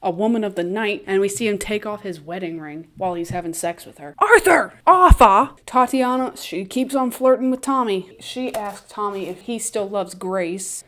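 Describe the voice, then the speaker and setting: A young woman recapping a TV series in a chatty, animated way, swearing freely and laughing often. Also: mid-range voice, normal speed, hardly any pauses. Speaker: recap vlogger. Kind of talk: casual recap with profanity.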